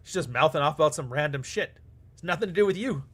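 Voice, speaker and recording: Man, livestream host, fairly high voice, blunt, profane, casual monologue, acts out dialogue. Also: animated, fast talker, fairly bright tone, husky. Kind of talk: casual livestream monologue answering super chats.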